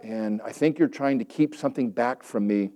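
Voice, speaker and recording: A man voicing a suspicious male psychiatrist, speaking in a quiet, measured and prying manner. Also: medium pitch, lightly acted.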